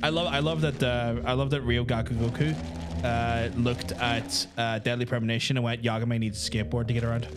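A man's voice: medium pitch, level tone, fairly quick, noisy background. A man with a Northern Irish accent, crude and teasing in casual banter while playing a video game with a friend. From Northern Ireland. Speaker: co-host of a gaming playthrough. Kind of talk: casual banter over gameplay.

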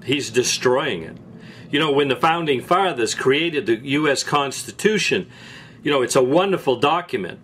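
A man's voice: mid-range voice, lively intonation, moderate pace, fairly bright tone, slight background noise. A man hosting a show, delivering an angry, sarcastic political rant with repeated restarts and rising outbursts. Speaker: host. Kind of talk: political opinion monologue.

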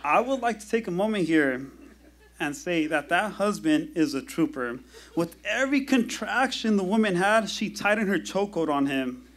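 A man telling a personal story at a live storytelling show, in a wry, measured delivery with dramatic pauses, into a stage microphone. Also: high-pitched, lively intonation.

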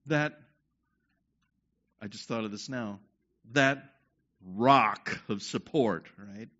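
Slow and fairly bright, with a voice on the low side, a pastor preaches and leads the congregation through a group exercise. He keeps checking in with repeated "okay?" prompts, and the recording is dull and lo-fi.

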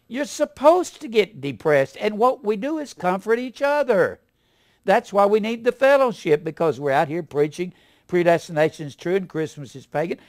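A man delivers a sermon in a folksy, animated way. His voice sits fairly high, and he swings from loud emphasis to low asides. The sound is close and dry, with no room echo. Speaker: preacher.

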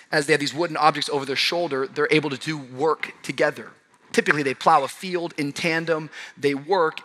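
A male pastor with a high, bright, forceful voice delivers a sermon in a church. He swings between shouting and near-whispered lines. His pace is quick and conversational. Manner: passionate, swings from shouting to hushed. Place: large church auditorium.

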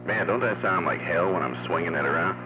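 A man's voice: sits low, fairly quick, over loud music. A man talking casually on a CB radio, laid-back, and calling everyone "man". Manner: laid-back, drawling, says "man" often. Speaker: CB radio operator. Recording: muffled radio audio with static.

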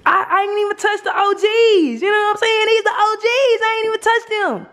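Young woman vlog host with a very high voice, playful and teasing, coaxing and chatty as she runs a prank. She keeps needling her partner in a light, mocking tone. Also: steady tone, fairly quick, a bit bright.

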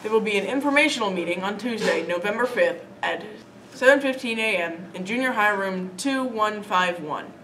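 A woman's voice: medium pitch, moderate pace. Woman reading school announcements from afar. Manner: steady, read-aloud delivery. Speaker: announcements anchor. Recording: distant mic with faint noise.

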